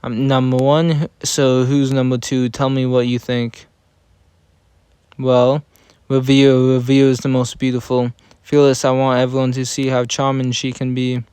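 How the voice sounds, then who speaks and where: A man reading game story dialogue aloud in a plain, even manner, often stumbling over words and correcting himself. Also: medium pitch, measured pace, clear, resonant tone, no room sound. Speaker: reader of game story scenes.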